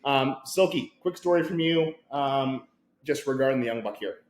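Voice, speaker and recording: A chatty man spins a rambling tale in a roomy, echoing space. He keeps dropping fillers and jumps into acted-out quotes with wild swings in his voice. His pitch sits in a middle range for a man. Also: moderate pace. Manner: animated, acts out quotes with big pitch swings, many fillers. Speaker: podcast co-host. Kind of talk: rambling storytelling chat. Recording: roomy echo.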